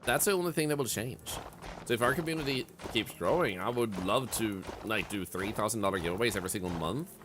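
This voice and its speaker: A fairly low-pitched man streams a game, speaking fast and animatedly as he chats reflectively and casually with his audience. "Like" comes up constantly, and game music fills the noisy background.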